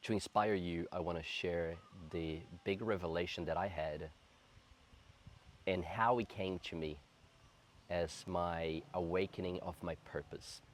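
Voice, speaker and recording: Low-voiced earnest man in his thirties. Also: steady tone, slight background noise. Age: 30s. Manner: earnest, reflective, slow and heartfelt. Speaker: spiritual coach. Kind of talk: personal spiritual storytelling to camera.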